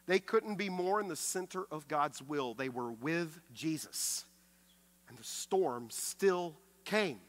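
A man pastor preaching a sermon with emphasis, swinging from loud to hushed and often repeating words as he restarts. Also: fairly high pitch, lively intonation, slow pace. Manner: acts out quoted speech with raised voice.

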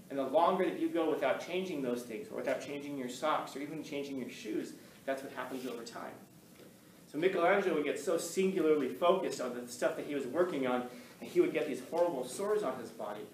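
A male teacher telling a story to his class in an animated way, acting out the voices of the people in it. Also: a little high, slight background noise. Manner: animated, acts out quoted voices. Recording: echoey classroom, mic from far off.

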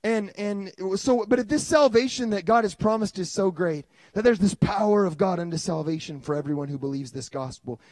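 Animated, high-voiced male preacher. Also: fairly quick, few pauses, dry recording. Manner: animated storytelling with many restarts. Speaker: pastor. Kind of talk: sermon.

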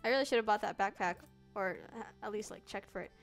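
Faint game music plays as a young female streamer offers casual commentary, teasingly talking to herself and borrowing mock old-fashioned expressions. Her medium-pitched voice moves fast.

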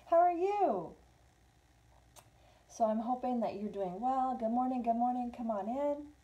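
Brief: woman, live tarot host, chatty, slightly high, soft mellow tone. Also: expressive, measured pace, dull audio. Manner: chatty, switches between English and Spanish. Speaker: tarot reader. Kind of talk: casual live tarot reading. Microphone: small clip-on mic.

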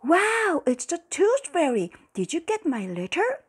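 A woman voicing a bold, cheerful young schoolboy who shouts with excitement. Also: very high voice, a little slow, voice pushed up, exaggerated voice. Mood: amazed.

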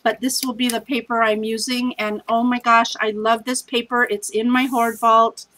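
A woman's voice: fairly high pitch, level tone, normal speed, fairly bright tone, a little hiss or hum, rough recording. A tired woman hosting a scrapbooking challenge vlog, chatting in a casual, scattered, self-deprecating way at home.

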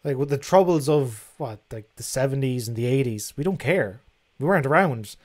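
Reading viewer questions aloud on his casual livestream, this young host answers in a frank, chatty manner and swears casually. He has a medium-pitched voice with lively intonation and speaks at normal speed.

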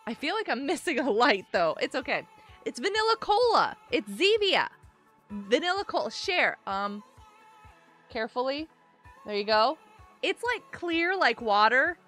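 A bright, high-voiced young woman chats to her stream viewers in a bubbly, giggly way. Her pitch swings up and down a lot as she talks. Faint music plays underneath. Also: sing-song, measured pace. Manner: bubbly, chatty, laughs often, talks to chat. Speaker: livestream host. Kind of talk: casual gaming livestream chat.

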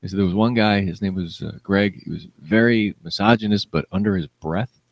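A man's voice: on the low side, fairly quick, no room sound, lo-fi sound. A man co-hosting a casual comedy chat, telling stories, laughing often and acting out the people he quotes. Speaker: podcast co-host.

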